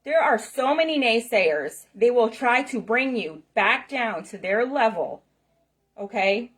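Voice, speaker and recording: A woman's voice: fairly high pitch, lively intonation, unhurried, a bit bright. A middle-aged woman giving an emphatic motivational talk to camera, passionate and repetitive, checking in with "okay?" and "right?". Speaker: spiritual self-help speaker.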